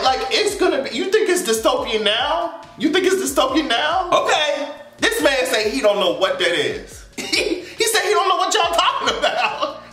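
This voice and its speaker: A man's voice: high-pitched, roomy sound. A young man hosting a podcast, reading news aloud with frequent laughter and profanity. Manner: laughs often, profane and animated, reads headlines aloud. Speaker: podcast host. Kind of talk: casual commentary on news.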